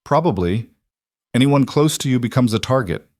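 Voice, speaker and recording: A man voicing a blunt, seasoned woman lawyer who lays out warnings in a brisk, firm way in an audio story. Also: mid-range voice, lively intonation, darkish tone, no echo, studio quality, voice pushed up, lightly acted.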